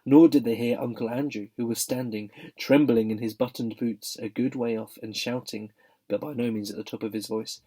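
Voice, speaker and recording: Guy reading a kids book aloud, warm mellow voice, steady. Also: medium pitch, normal speed, breathy edge. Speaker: reader. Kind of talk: audiobook narration.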